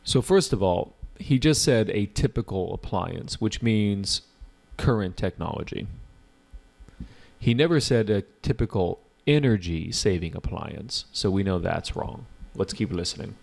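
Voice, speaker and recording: Low-pitched guy going over listening test answers, laid back, talks right to the class. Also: expressive, a little slow, gravelly, a little mellow. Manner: casual, explanatory, talks to viewers directly. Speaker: IELTS teacher. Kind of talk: online exam prep lesson.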